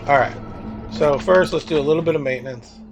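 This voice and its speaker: A man's voice: a little high, a little fast, lo-fi sound, music in the background. A man from the American South with a Southern accent, casually commenting as he livestreams a video game and reacting to his chat. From Southern United States. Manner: chatty, rambling, reacts to chat. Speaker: streamer.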